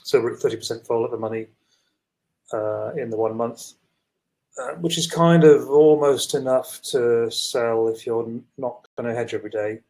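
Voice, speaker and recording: A man's voice: mid-range voice, moderate pace, darkish tone, poor audio. A male trader on a video call, chatting casually about his positions, rambling and correcting himself with fillers. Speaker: trader and co-presenter. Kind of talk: casual market chat.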